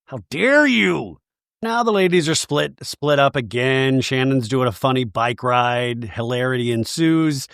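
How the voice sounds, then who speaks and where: A man hosting a comedy recap of reality television, dropping sarcastic, gossipy asides as he goes. His intonation is lively and swings widely. The recording is dry and close. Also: mid-range voice, moderate pace, few pauses, clean tone, no room sound. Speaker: podcast host.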